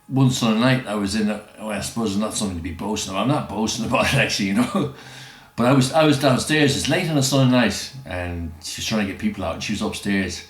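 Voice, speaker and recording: A man's voice: on the low side, fast. A man telling rambling, chuckling anecdotes in casual chat. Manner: rambling, chuckling, doing quoted voices. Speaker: storyteller. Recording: roomy echo.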